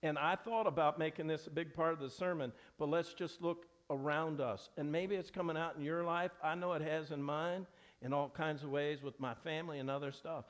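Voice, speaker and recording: A man's voice: on the high side, steady tone, brisk. A middle-aged man preaching a sermon in a church, earnest and conversational, often restarting his sentences. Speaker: pastor. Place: church sanctuary.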